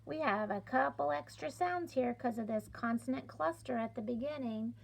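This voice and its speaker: A middle-aged woman teaching a phonics lesson, sounding out letters and stretching words clearly in an encouraging classroom manner. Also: a little high, normal speed. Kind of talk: slow, deliberate classroom instruction.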